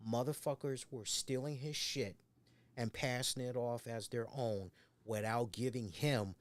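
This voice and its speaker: A man's voice: medium pitch, fairly even intonation, a little slow. A man co-hosting a casual podcast chat, rambling and swearing as he acts out the voices of people he quotes. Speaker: co-host.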